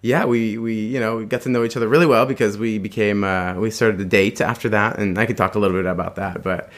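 This man has a lowish, steady-toned voice and talks at a quick clip. Chatting casually, he tells a story from his own life, rambling and restarting many times, laughing frequently and acting out the voices in quotes.

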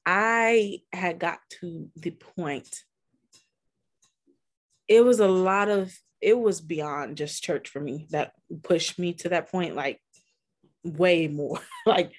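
A young woman co-hosting a podcast, casually telling a personal story with frequent laughs, fillers and speech. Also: fairly low pitch. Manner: laughing often, many fillers, candid. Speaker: podcast co-host.

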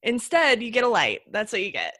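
A woman's voice: a little high, huge pitch swings, brisk, noisy background. A young woman, a stand-up comic who hosts interviews, chatting in a giggly, teasing way. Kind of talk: casual interview chat.

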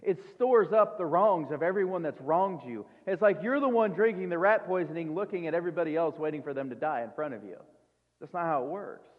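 A man preaching a sermon in a conversational way, with rhetorical questions and quick asides to the congregation. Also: on the high side. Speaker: pastor. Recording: tinny phone-like sound in a reverberant hall.

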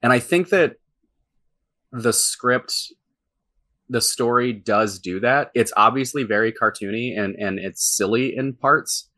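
A man's voice: medium pitch, unhurried, bright, forceful tone. A man who writes for games, talking casually in an interview, rambling with many fillers and restarts. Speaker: game writer.

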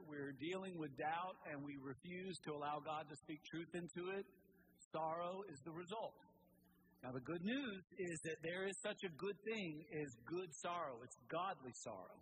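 A man preaching a sermon in a somewhat higher register. He leans hard into his main points, then drops to a hushed, earnest tone. The recording carries a clear layer of background noise. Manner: emphatic preaching that swings between raised and hushed. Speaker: pastor.

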